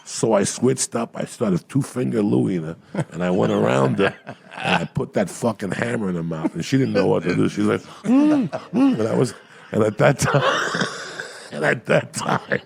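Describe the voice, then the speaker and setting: A man, a comedian on a podcast, telling profane stories in a loud, crude, rowdy way with a gravelly voice. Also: lowish voice, animated, normal speed. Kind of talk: profane storytelling.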